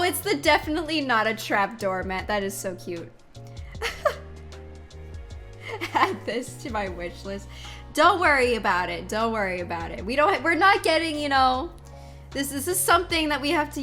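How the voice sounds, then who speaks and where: A woman's voice: a little high, pushed and bright. A woman streamer chatting with her viewers, giggly and effusive, exclaiming often. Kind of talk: live-stream chat with viewers.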